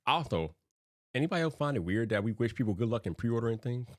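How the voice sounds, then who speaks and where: A young man hosting a casual livestream, animated and slangy, laughing often. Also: mid-range voice, fairly quick, no room sound, studio quality. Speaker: livestream host.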